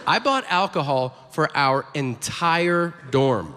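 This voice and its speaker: A man's voice: fairly high pitch, animated, slow pace. A man doing stand-up comedy, swearing and acting out dialogue in voices as he tells a story on a comedy stage. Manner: profane, acts out dialogue voices. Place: comedy stage before a laughing audience. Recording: live hall with loud crowd ambience.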